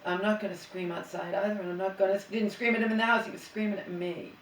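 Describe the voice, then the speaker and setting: A woman's voice: medium pitch, steady tone, fast talker, a little hiss or hum. Woman, middle-aged, angry venting vlog, swearing, rambling restarts, echoey room, far from mic. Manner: agitated, profane, rambling with restarts. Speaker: vlogger. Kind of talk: emotional venting monologue. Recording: roomy and distant from the mic.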